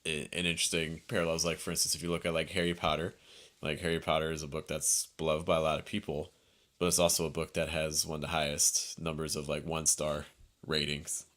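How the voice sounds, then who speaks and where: Low-voiced man, thoughtful chat. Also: flat delivery, fast, a bit bright. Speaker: podcast co-host. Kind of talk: casual conversation.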